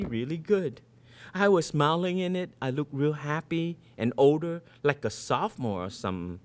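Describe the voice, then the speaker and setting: A man in his fifties, an author from Vietnam, reading his short fiction aloud in a first-person boy's storytelling voice. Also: mid-range voice.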